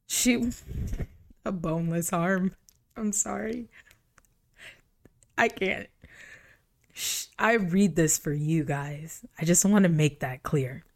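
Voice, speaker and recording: A woman's voice: on the low side, slow, long pauses, darkish tone. A young woman hosting a podcast, reading a book aloud and mocking it with profane, exasperated, sarcastic commentary. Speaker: podcast host.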